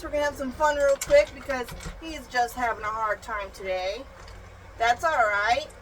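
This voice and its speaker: A woman's voice: high-pitched, fairly bright tone. A young mother teaching her child at home in a singsong voice, with exaggerated gasps and animal sounds. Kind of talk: home video, playful teaching. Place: home room. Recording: noisy home phone recording.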